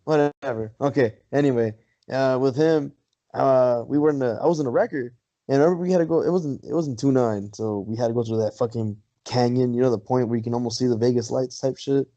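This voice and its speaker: A man's voice: medium pitch, a little fast, dark tone, lo-fi sound. A man on a podcast telling a long story, rambling and swearing, laughing often. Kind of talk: casual chat.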